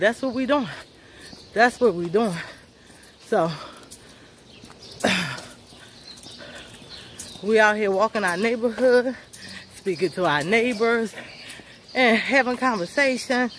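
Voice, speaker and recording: A woman's voice: a little high, a bit bright, a little hiss or hum. A woman vlogging outdoors while walking her neighborhood, out of breath and chatty, encouraging viewers to get up and move. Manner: encouraging, chatty, calls viewers honey and y'all. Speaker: fitness vlogger. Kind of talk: casual motivational vlog while walking. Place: outdoors on a sunny neighborhood street.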